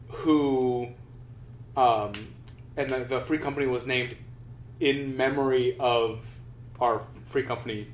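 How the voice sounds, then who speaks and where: Speaking in a mid-range voice over slight background noise, this young podcast co-host tells a meandering story in relaxed chat, full of false starts and curses. There's a roomy echo to the sound.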